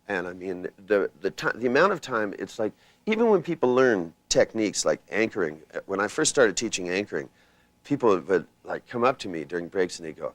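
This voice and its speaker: Animated older man teaching a seminar. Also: on the low side, fairly quick, dry recording. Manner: rambling, anecdotal, acts out people's voices. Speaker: seminar trainer.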